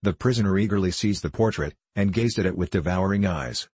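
Deep, husky male narrator. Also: a little fast, darkish tone, no echo. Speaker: audiobook narrator. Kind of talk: scripted narration of a classic novel.

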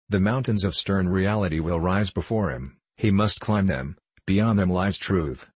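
A man's voice: low voice, a little mellow, slightly rough, no echo. A man reading a grave old sage. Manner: grave, solemn speech. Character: wise, sorrowful old man named Wisdom.

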